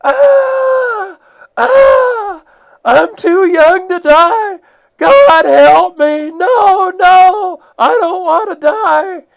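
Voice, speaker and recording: A man voicing a panicked man being swept down rapids, screaming and wailing in terror. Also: very high voice, creaky, voice pushed up, heavily acted. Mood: terrified.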